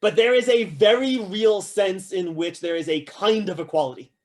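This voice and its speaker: A man giving a casual, animated philosophy lecture to a class, often checking in with "right?" and acting out quotes with humor. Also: high voice, moderate pace. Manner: acts out quoted voices with humor.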